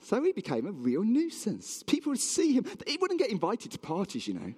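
Animated man preaching in a reverberant hall. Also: sits high, fairly quick, husky. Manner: animated, acts out voices of townspeople. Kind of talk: storytelling sermon.

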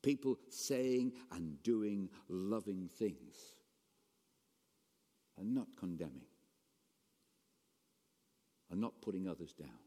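A man preaching a sermon as pastor, animated, swinging between raised emphasis and quiet asides. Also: low voice, slow, pauses often. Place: church hall. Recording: long reverb of a church hall.

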